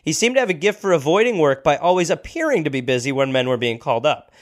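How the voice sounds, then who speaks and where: Man telling a story with a lively voice. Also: fairly high pitch, fast. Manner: reads history notes with jokey asides. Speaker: podcast host. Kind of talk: casual comedic storytelling.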